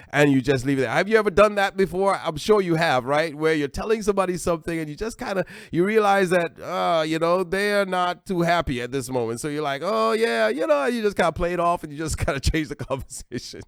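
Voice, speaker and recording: An American man preaches from the pulpit in a smooth, resonant voice that sits a little high. He is animated and acts out short everyday dialogues. The sound is close and dry, with no room around it. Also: no room sound. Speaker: pastor. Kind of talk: sermon.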